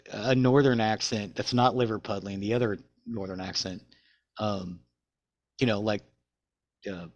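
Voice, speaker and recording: A man's voice: lowish voice, a little mellow, no room sound. A man co-hosting a podcast, who reads facts aloud from his notes and then chats loosely. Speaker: podcast co-host. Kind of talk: reading show notes and casual chat.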